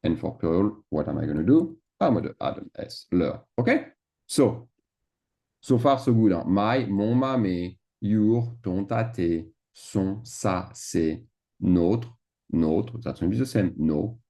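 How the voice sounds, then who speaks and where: A man talks through a grammar lesson, slipping words into his English and asking "d'accord?" as he goes. His voice is low and mellow, and he moves along at an unhurried pace while he explains each form. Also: lively intonation, creaky. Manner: mixes French into English, checks in with "d'accord?". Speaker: French teacher. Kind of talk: screen-share grammar lesson.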